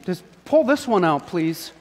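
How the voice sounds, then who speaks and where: A man with a notably high voice leads a children's sermon from the front of a church. He talks in a playful, coaxing way, drawing the kids in with questions. His voice rings out with the long reverb of the sanctuary. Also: very animated, unhurried, a little mellow. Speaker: pastor.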